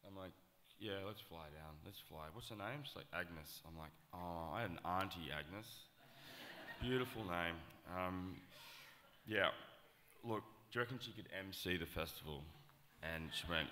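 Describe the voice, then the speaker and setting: A man on a conference panel, telling an excited story, swearing and acting out quotes. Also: sits low, moderate pace, big-room sound, slight background noise. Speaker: festival promoter on a panel.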